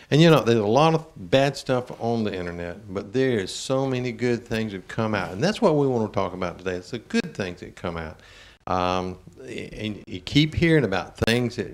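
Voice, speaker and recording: An older man from Georgia, hosting a talk show and telling a family story in a folksy, animated way with chuckles. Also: lowish voice. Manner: animated, chuckling, drawling Southern speech.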